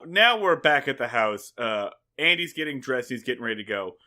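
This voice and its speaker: A man's voice: medium pitch, big pitch swings, brisk, pushed and bright. A man co-hosting a podcast, wryly recapping a sitcom episode in casual chat. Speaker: podcast co-host.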